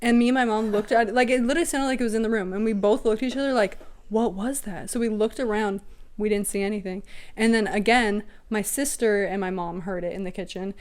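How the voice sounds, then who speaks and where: A woman's voice: mid-range voice, steady tone, fast talker, clean tone. A young woman co-hosting a casual chat at home, giggly and chatty, telling stories. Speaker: co-host.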